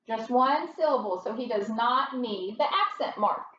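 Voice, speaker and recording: A middle-aged woman teaches first grade phonics, spelling out each step in a patient, unhurried way. Her voice sits high, and she sounds distant, with room echo and a dull tone. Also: lively intonation, fairly bright tone, a little hiss or hum. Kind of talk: phonics lesson. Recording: roomy, distant, dull home recording.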